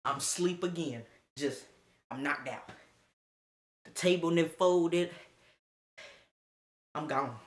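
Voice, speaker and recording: A young man streaming live from his phone, telling a crude, excitable story and acting out what others said. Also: on the high side, slow, pauses often. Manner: crude, excitable, acts out quotes.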